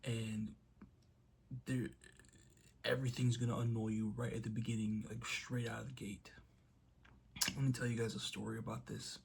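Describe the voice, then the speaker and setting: A man's voice: mid-range voice, vocal fry, slight background noise. A young man talking casually to camera in a motivational vlog, telling a story and acting out quotes. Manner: storytelling, acts out quotes loudly. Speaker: vlogger.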